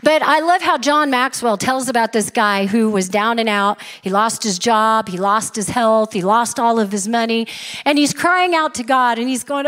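A woman's voice: on the high side, normal speed, fairly bright tone. A middle-aged woman pastor preaching a sermon in an earnest, emphatic manner in a church. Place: church sanctuary. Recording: reverberant church hall.

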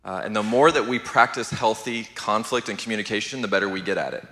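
A middle-aged man, teaching a church marriage class in a steady, even-keeled, conversational way. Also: fairly low pitch, fast, in a large hall. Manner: steady, even-keeled, asks the room "how many know".

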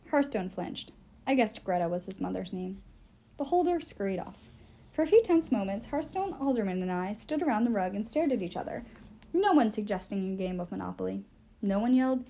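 Expressive woman reading a novel aloud. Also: mid-range voice, brisk. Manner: expressive, storytelling. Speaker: audiobook reader.

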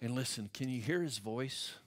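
A male pastor with an American accent, preaching a sermon and swinging from hushed, low passages to loud, climbing ones. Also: normal speed. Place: church sanctuary.

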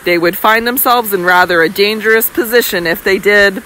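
A woman's voice: mid-range voice, normal speed, pushed and bright, natural voice, rough recording. A woman voicing a doting older male baronet, fond and reassuring, sometimes blustering, read close to her own voice. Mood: troubled.

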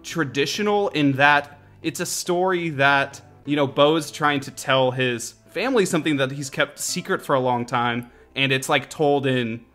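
A man's voice: medium pitch, normal speed, hardly any pauses, fairly bright tone, faint music behind. A man co-hosting a podcast in casual discussion, thoughtful and searching for his words. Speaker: podcast co-host.

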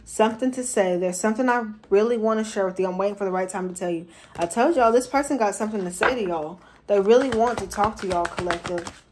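A woman's voice: medium pitch, background noise. Woman, tarot reader, casual and slangy, talks straight to her viewers. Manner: chatty, slangy, repeats herself for emphasis.

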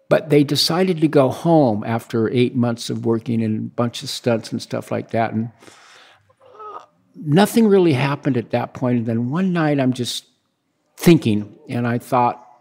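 Man in his sixties, interview guest, relaxed rambling storyteller, mid-pitched voice. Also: a little slow, creaky. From United States. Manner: relaxed, rambling, acts out quoted dialogue. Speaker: guest, big-wave surfer.

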